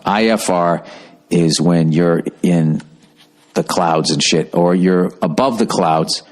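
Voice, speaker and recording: A man's voice: deep voice, a little mellow. A middle-aged man from the United States hosting a podcast, telling stories in a casual, profane, rambling way. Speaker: podcast host.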